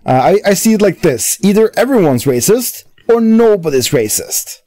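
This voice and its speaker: A man's voice: high-pitched, sing-song, normal speed, dark tone, dry recording. A man joking sarcastically in a casual online panel chat.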